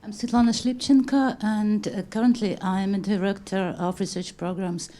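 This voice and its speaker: A woman's voice: mid-range voice, level tone, normal speed, dark tone. A woman who directs research programs, introducing herself and stumbling over a few words. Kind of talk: self-introduction.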